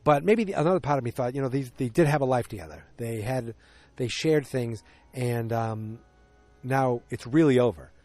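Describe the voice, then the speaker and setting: Male podcast host, mid-range voice, dry close sound; casual solo recap, animated line readings. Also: medium pitch, moderate pace, no echo. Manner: chatty, acts out character lines with shifting voices.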